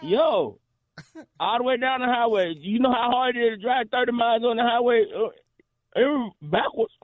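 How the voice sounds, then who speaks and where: A man voicing a slow, confused male caller who makes excuses, heard over a phone line. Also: extremely high pitch, no room sound. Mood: rambling. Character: Black Tony, dim-witted adult male prank caller. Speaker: comedy caller.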